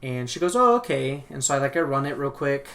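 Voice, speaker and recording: A man hosting a podcast, telling a long, profane and animated story in a casual chat. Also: medium pitch, fast, gravelly. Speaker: podcast host.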